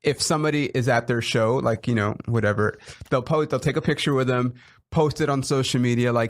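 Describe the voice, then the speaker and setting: A young man hosting a casual podcast, a comedian telling animated stories and acting out quotes with laughter. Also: medium pitch, brisk, no room sound. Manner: animated storytelling, acts out quotes, laughs often. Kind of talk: casual chat.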